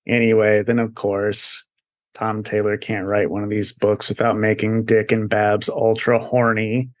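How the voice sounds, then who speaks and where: A man's voice: on the low side, flat delivery, measured pace, dry recording. A man co-hosting a podcast, talking casually about comics in a laid-back way, swearing and laughing often. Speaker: podcast co-host. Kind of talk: casual comic review chat.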